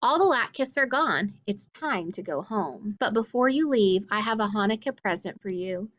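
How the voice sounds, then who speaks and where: A woman's voice: mid-range voice, expressive, normal speed, fairly bright tone, dull audio, lightly acted. A woman reading as a kindly, chatty old grandmother. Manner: fussing, chatty, good-natured. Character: kindly old village grandmother, warm host. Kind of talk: storybook read-aloud.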